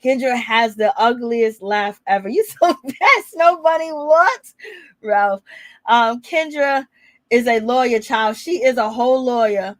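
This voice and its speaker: A woman's voice: on the high side, unhurried, dry recording. A woman hosting a gossip channel, chatting casually and teasing with frequent laughter. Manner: laughs often, sassy and teasing.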